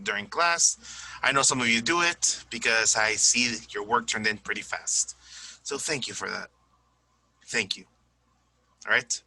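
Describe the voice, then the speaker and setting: A man's voice: mid-range voice, pushed and bright, no echo, low-quality recording. A tired man teaching an English lesson, chatty and repeating examples aloud. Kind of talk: recorded classroom lesson.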